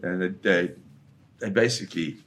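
A man's voice: deep voice, normal speed, a bit bright. A man, a photojournalist guest, telling a dramatic first-person story in a vivid way. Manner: vivid storyteller who slips into quoting voices.

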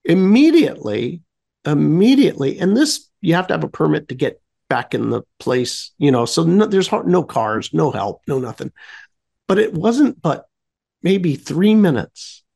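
Gravelly guy rambling thru a story, tons of you knows, voice jumps all over. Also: a little high, measured pace. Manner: rambling, many fillers and restarts; animated when telling the fun parts. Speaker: radio show guest. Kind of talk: casual storytelling.

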